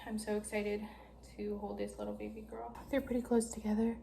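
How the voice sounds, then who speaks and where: A woman's voice: a little high, fairly even intonation, normal speed, noisy background. A heavily pregnant young woman talking bluntly to her phone camera, swearing and speaking through tears and labor pain. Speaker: vlogger. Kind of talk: casual video diary. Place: at home, then a hospital.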